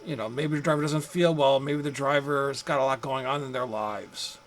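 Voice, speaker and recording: A man's voice: medium pitch, fairly even intonation, moderate pace, slight background noise, poor audio. A man giving a psychology lecture in a loose, conversational way, with rhetorical asides and acted-out examples. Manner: conversational, rhetorical asides, acts out angry drivers. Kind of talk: recorded classroom lecture.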